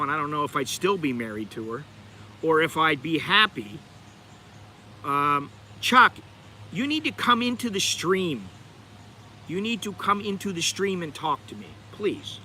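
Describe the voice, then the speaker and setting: A middle-aged American man with a very bright, cutting voice, pitched a little high for a man. He chats and digresses freely as a livestream host, talking straight to his viewers, with faint traffic noise behind him outdoors in the city. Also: expressive, moderate pace. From United States. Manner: chatty, digressive, talks to viewers directly. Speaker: channel host. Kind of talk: rambling livestream chat.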